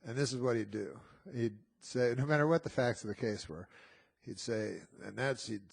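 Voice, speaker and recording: Man, gravelly voice, husky tone, podcast guest, dry rambling storyteller. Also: medium pitch, normal speed. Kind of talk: casual anecdotal storytelling.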